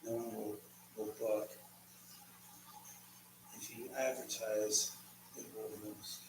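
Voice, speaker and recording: A man with a lowish voice hosts a casual livestream, rambling and chatting as he reads viewer comments while cooking in his home kitchen. His delivery is flat and slow. The recording is distant and echoey, with faint ambience and background noise.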